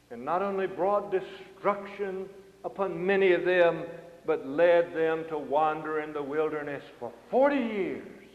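A man's voice: on the high side, expressive, slow. An older man preaching a sermon, with an emphatic delivery that rises and falls. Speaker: pastor. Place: church sanctuary. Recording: roomy hall sound, muffled lo-fi.

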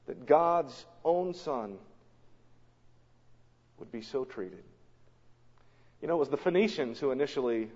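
A man preaching a sermon in a dramatic storytelling manner, swinging between loud and hushed, recorded in a church or large hall. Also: mid-range voice. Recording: long hall reverb, dull lo-fi sound.

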